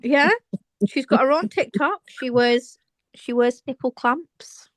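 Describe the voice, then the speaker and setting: Radio co-host, woman; playful, laughing storyteller, fairly high, dry studio sound. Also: slow pace, dry recording. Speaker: radio show co-host and singer. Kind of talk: casual late-night radio banter.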